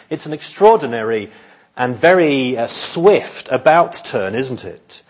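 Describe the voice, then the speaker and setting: A man delivers an expository sermon in an earnest, measured manner, restarting phrases as he works through his point. His voice is somewhat husky and of middle pitch. The recording sounds a little dull and lo-fi. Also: sing-song. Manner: measured, earnest, repeats words while thinking. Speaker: preacher.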